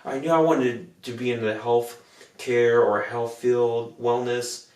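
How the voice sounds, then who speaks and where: A man's voice: mid-range voice, fairly even intonation, slow, a little mellow, far from the mic. A young adult man, a podcast co-host, telling earnest, rambling stories in casual chat and acting out the people he quotes. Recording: roomy, from off the mic.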